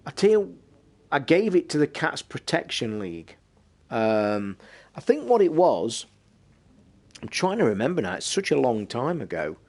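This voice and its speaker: A British man who streams and hosts a podcast tells a rambling story on a live stream, animated and swearing constantly in a casual way. His mid-range voice keeps a normal speed, though he pauses often.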